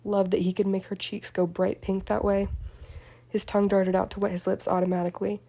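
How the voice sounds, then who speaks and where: Woman reading a story out loud, mellow voice, pretty flat and even. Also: mid-range voice, fairly quick, vocal fry. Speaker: story reader. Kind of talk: audiobook-style reading of fan fiction.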